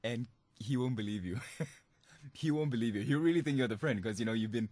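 A man's voice: medium pitch, a little fast, a little mellow, breathy edge, no room sound. Playful young man hosting a podcast. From Singapore. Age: young adult. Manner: laughing often, playful and mischievous. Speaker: student radio podcast host. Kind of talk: comic monologue podcast.

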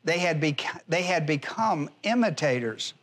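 Pastor, man, higher-pitched, teaching verse by verse with heavy emphasis and repetition. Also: animated, a little slow, fairly bright tone. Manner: emphatic, repeats key phrases, spells out Greek words. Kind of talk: expository Bible teaching.

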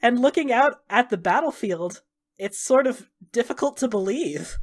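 A woman's voice: fairly high pitch, expressive, moderate pace. A woman narrating a tabletop game as game master, casual with many fillers.

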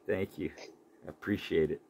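A man's voice: sits low, fairly even intonation, moderate pace, vocal fry, darkish tone, husky. A man hosting a casual interview, easygoing and agreeable, laughing along with his guest. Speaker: podcast host.

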